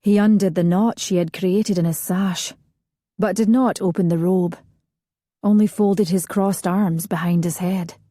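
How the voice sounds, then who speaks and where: A woman narrates a romance audiobook in a soft, intimate, unhurried read. Her voice is somewhat low, mellow and husky, and very slow. The recording is close and dry. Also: steady tone, no echo.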